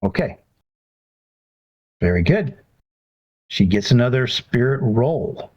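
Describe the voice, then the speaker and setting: A man running a tabletop game as game master, relaxed and encouraging with his players. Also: mid-range voice, slow pace, slightly rough. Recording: dull lo-fi recording.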